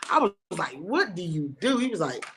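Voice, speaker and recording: A woman in her forties, a comedian telling animated, bawdy stories and laughing often in a casual interview. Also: fairly low pitch, normal speed, a little hiss or hum. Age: 40s. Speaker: comedian guest.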